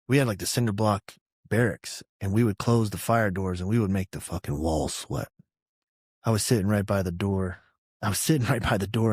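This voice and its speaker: A man's voice: on the low side, no room sound, studio quality. A man in his thirties from Georgia, a veteran guest telling army stories in casual, profane talk and acting out the voices of others. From Georgia, USA. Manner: profane, animated storyteller who acts out quotes loudly. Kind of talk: casual storytelling interview.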